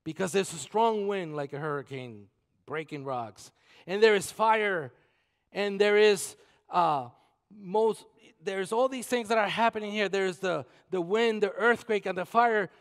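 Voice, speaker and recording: A man with a high voice preaching a sermon, reading scripture and swinging from a near-whisper to loud, urgent bursts. The sound carries a long church reverb. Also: measured pace. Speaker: pastor. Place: church sanctuary.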